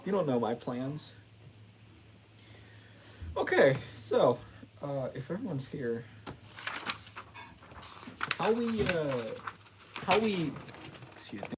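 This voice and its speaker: A man's voice: a little high, sing-song, slow, long pauses, a little hiss or hum, poor audio. A man hosting a casual livestream, rambling and joking at his own expense, laughing and restarting often. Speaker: livestream host.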